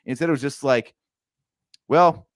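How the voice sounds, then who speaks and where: A man's voice: mid-range voice, very animated, brisk, dry recording. Opinionated man on a dry podcast mic. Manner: opinionated, argues points with hypotheticals. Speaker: podcast co-host. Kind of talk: casual movie review chat.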